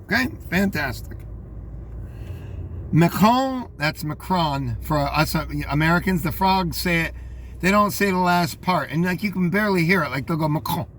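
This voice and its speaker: A man's voice: high voice, brisk, a bit bright, a little hiss or hum. An older man reading out news headlines and commenting on them in a rambling, scornful way, talking straight to his listeners.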